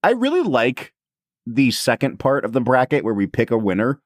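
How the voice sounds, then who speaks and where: A man's voice: medium pitch, huge pitch swings, normal speed, no room sound, clean studio sound. A man co-hosting a casual podcast, upbeat and explaining things to listeners. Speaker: podcast co-host.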